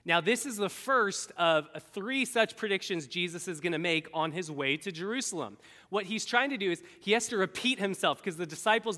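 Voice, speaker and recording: Bright-voiced preacher in an echoey hall. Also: male voice, high-pitched. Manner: animated, acts out quoted voices. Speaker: pastor. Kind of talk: sermon.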